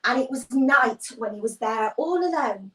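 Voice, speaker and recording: A woman with a slightly high voice leads a children's church livestream at a normal speed. She tells a Bible story animatedly, acting out the voices and greeting viewers by reading their comments. The room is echoey and she's off-mic, so she sounds distant.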